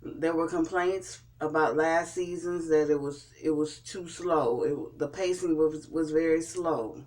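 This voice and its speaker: Guy doing a tv recap, kinda high voice, slow, keeps restarting his words. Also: a little mellow. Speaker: TV show reviewer. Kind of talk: casual episode recap.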